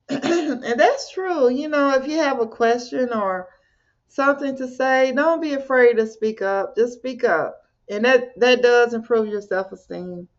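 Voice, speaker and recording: A woman's voice: a little high, takes it slowly. A woman host reading a self-help book aloud in an earnest way and adding chatty comments of her own. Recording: dull lo-fi recording.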